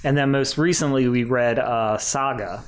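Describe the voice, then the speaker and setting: A man's voice: medium pitch, moderate pace. A man co-hosting a podcast, talking casually and hesitantly with frequent restarts and chuckles. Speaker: podcast co-host. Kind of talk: casual chat.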